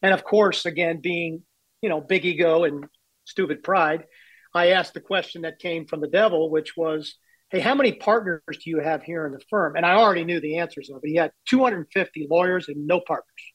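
A man's voice: on the high side, fairly quick, fairly bright tone, dry recording, poor audio. A man in his sixties, a baseball executive telling candid, self-deprecating stories in an interview. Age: 60s. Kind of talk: storytelling interview.

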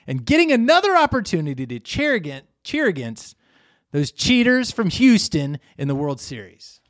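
A man's voice: sits high, wildly swooping pitch, normal speed, dry recording, clean studio sound. A middle-aged man co-hosting a podcast in a casual sports chat, opinionated and rambling, with restarts and hedges. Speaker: podcast co-host.

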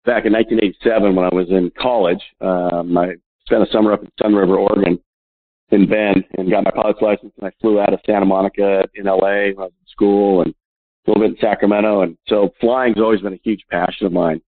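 A professional golfer in his fifties, interviewed as a guest, tells chatty stories with frequent laughter and many filler "uh"s. His husky voice is slightly low, level in tone, and fast. He's heard over a tinny phone line that sounds dry and close.

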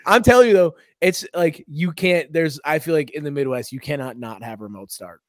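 An excitable man hosts a casual podcast chat, his voice sitting a bit higher than most. He calls everyone dude and riffs on his own jokes. The sound is dry and close. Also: fairly quick, no echo. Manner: excitable, says "dude" often. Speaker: podcast host.

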